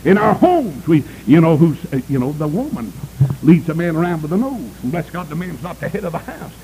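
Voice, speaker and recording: A man's voice: very animated, fairly quick, mellow, a little hiss or hum, low-quality recording. A male preacher, delivering a fiery sermon and calling out to the congregation for amens. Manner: emphatic, swooping pitch, calls for amens.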